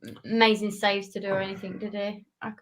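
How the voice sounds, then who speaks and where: A woman's voice: medium pitch, level tone, fast, a bit bright. A woman chatting about football, giggly and self-deprecating. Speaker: panelist. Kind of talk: casual football chat.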